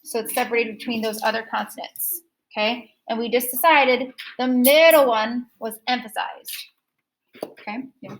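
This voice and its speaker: High-voiced teacher drilling phonics syllables. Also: female voice, steady tone, slight background noise, poor audio. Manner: slow, repeats words to stress syllables. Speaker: second grade teacher. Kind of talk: phonics lesson.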